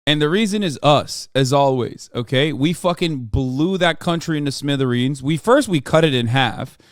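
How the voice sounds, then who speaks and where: A man in his thirties rants at his live chat, cursing freely and breaking into loud yelling. His voice sits high and comes through smooth and resonant. It is recorded close and dry. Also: lively intonation, moderate pace, no echo. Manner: profane, ranting at chat, swings to yelling. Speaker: streamer. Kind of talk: live stream reaction and chat rant.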